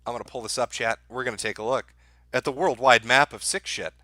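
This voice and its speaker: Man, middle-aged, stream host, crude mocking commentary, bright tense voice, dry sound. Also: mid-range voice, quick pace, no room sound. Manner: crude, mocking, deadpan asides to chat. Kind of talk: sardonic live-stream commentary.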